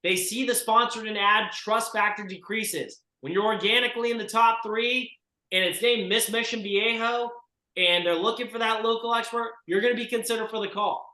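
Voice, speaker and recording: High-voiced, bright, forceful male coach. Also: fairly even intonation, normal speed, reverberant, low-quality recording. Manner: forceful and emphatic, urging listeners on. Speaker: real estate coach. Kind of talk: group coaching session.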